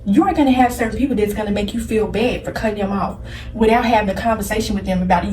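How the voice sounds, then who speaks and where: A woman with a warm, medium-pitched voice talks fast as she tearfully delivers blunt, preachy spiritual advice to camera, repeating her points. The recording sounds roomy and distant from the mic.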